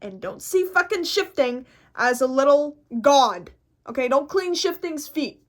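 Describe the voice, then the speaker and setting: High pitched woman vlogging, swears nonstop, super blunt and animated. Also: a little slow. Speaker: host. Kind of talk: casual vlog chat.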